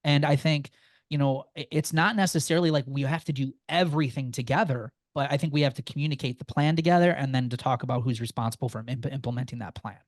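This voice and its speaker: A man's voice: mid-range voice, steady tone, quick pace, no room sound, clean studio sound. A man who is a guest on a podcast, giving personal finance advice in an earnest, encouraging way. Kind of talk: conversational interview.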